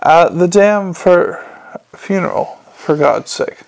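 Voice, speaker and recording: A man voicing a gruff, weary police commander with a growling, clipped and forceful way of talking. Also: sits high, takes it slowly, full character voice. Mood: angry.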